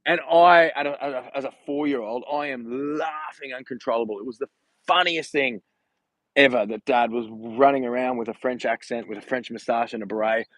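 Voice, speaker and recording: Man, casual walking vlog, rambling and chatty, dry close sound, mid-pitched voice. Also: fairly quick, a bit bright, dry recording, poor audio. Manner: chatty, rambling, laughs while telling stories. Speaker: vlogger. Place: outdoors, walking on a street.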